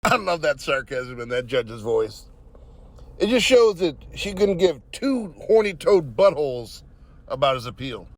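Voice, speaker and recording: A man's voice: fairly high pitch, sing-song, measured pace. A man hosting commentary, joking in a folksy mock-cowboy drawl. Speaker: show host commentator. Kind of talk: joking commentary over clips. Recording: light guitar music underneath. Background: guitar music.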